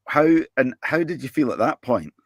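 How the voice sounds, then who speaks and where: A man's voice: medium pitch, animated, normal speed, breathy edge, dry recording, studio quality. A man hosting a podcast, asking short questions in casual chat. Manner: brief prompts and laughter. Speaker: podcast host.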